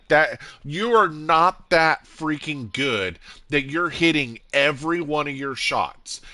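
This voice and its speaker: A man's voice: medium pitch, bright, forceful tone, dry recording. A man streaming live and chatting casually about gaming, talking in a rambling way and acting out quotes in other voices.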